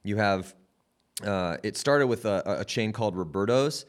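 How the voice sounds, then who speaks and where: Lively storytelling man, low voice. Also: normal speed. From San Diego, California. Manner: animated storyteller, laughs often, acts out quotes. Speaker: podcast host. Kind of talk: casual chat.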